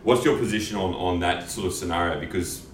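A man hosting a casual podcast conversation, rambling and halting, with casual swearing. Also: low-pitched, slight background noise. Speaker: podcast host. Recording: roomy and distant from the mic.

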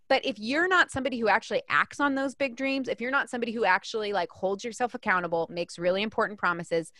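A woman, an author and coach, talking as a guest in a casual interview in an energetic, emphatic way, often restarting her sentences. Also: a little high, quick pace, few pauses, dry recording, clean studio sound.

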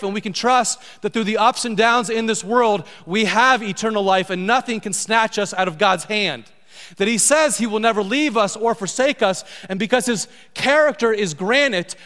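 A man's voice: high-pitched, fairly bright tone. A middle-aged man preaching a sermon as pastor, emphatic and repeating key lines for stress. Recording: long hall reverb.

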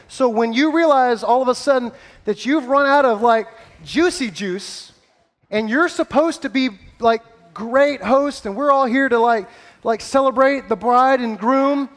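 A man leading an interactive Bible story on stage, playful and energetic as he coaches volunteers in front of a live audience. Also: extremely high pitch, a little slow.

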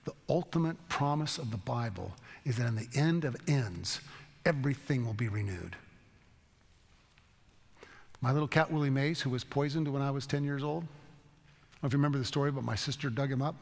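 A man's voice: medium pitch, moderate pace, creaky, pauses often, long reverb tail. A man giving an informal Bible teaching talk, telling stories in a folksy, rambling way. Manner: storytelling, folksy, rambling with restarts. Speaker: teacher leading a Bible study.

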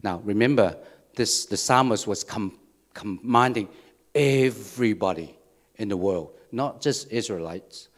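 A pastor preaches at a measured pace in a fairly low voice, often restarting and repeating phrases. He keeps asking "okay?" and "right?" throughout the sermon.

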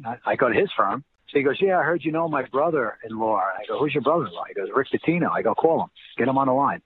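Rambling New man on a tinny line. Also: mid-range voice. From New Jersey. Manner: rambling, repeats words, acts out quoted people. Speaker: interview guest, former basketball player. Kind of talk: casual storytelling. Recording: tinny phone-like line with faint noise.

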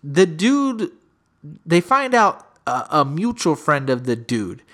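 A man's voice: fairly high pitch, big pitch swings, slow pace, fairly bright tone. A man casually telling a long story to a friend, acting out the people in it.

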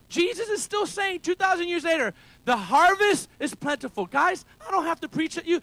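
A male pastor delivers a sermon in a very high, bright, forceful voice. He calls to the congregation for amens and builds to loud, emphatic peaks. He preaches from a church gathering held in a school building. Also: expressive, fast, no room sound. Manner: call-and-response preaching, rising to shouts.

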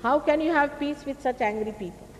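A woman's voice: high-pitched, brisk. A woman with an Indian accent giving an emphatic public spiritual talk, admonishing her listeners and asking them rhetorical questions. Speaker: spiritual teacher. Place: large public hall. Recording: echoey hall, faint hiss, old archive tape.

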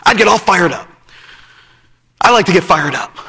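A man with a very high, sharp and bright voice preaches a sermon, hammering his points home by repeating phrases. The sound rings with a long echo from a church hall. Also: expressive, moderate pace, slightly rough. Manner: emphatic, repeats phrases, breaks into laughter.

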